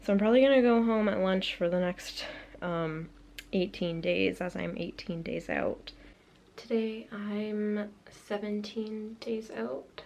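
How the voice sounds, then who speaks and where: Teen woman, video diary, rambling with lots of "like", gravelly fry, faint noise behind. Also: mid-range voice, a little slow, darkish tone, muffled recording. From Canada. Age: late teens. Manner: rambling, filler-heavy, frequent "like" and "um". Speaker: vlogger. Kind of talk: casual personal video diary.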